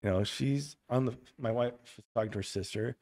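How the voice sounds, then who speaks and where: Animated man acting out his stories. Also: mid-range voice, fairly quick. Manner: animated storyteller who acts out quoted dialogue; stammers and restarts often. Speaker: author guest. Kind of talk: casual podcast storytelling.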